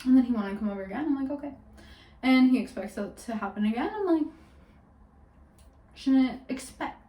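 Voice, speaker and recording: A young woman chats through a gossipy storytime vlog, her high voice leaning on "like" at every turn. She sits some distance from the mic, so the room rings around her words. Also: lively intonation, rapid-fire, mellow. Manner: gossipy, peppered with "like", laughing often. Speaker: vlogger. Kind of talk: casual storytime chat. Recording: roomy sound from a distance off the mic.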